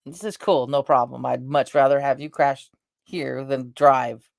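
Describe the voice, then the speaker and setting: A middle-aged woman rambling through family stories in a casual, animated vlog chat. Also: extremely low pitch, a little slow, creaky, no room sound, clean studio sound. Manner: rambling, animated, talks with her face. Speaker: vlogger.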